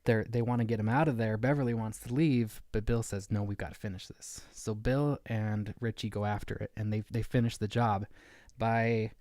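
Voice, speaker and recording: A man's voice: lowish voice, no echo, clean studio sound. A man co-hosting a casual book discussion podcast, eagerly retelling the plot. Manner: excited, retells plot in quick bursts. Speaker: podcast co-host.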